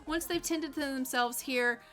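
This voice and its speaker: A woman's voice: high voice, unhurried, fairly bright tone, soft background music. A woman streamer narrating a life-simulation game casually, chatty with many fillers.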